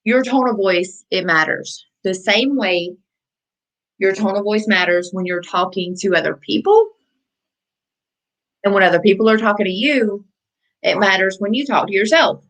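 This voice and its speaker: A woman's voice: mid-range voice, moderate pace, pauses often, fairly bright tone, poor audio. Woman life coach, repetitive conversational delivery. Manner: conversational, repeats phrases for emphasis. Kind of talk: motivational coaching talk.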